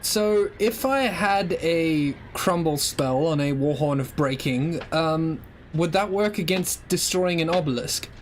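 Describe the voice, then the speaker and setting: A man's voice: on the high side, unhurried, hardly any pauses, a little hiss or hum. A man playing in a tabletop game, chatting casually and joking with the group. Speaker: player. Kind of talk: casual chat at a game session.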